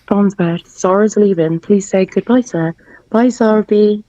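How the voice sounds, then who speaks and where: A woman's voice: mid-range voice, moderate pace, dark tone, no room sound, muffled recording. A woman co-hosting a live stream, teasing and joking in a playful, sing-song way.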